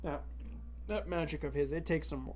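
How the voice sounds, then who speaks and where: A game master voicing an irritated elderly male mentor who is gruff and short-tempered, over faint guitar music. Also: mid-range voice, steady tone, normal speed, natural voice.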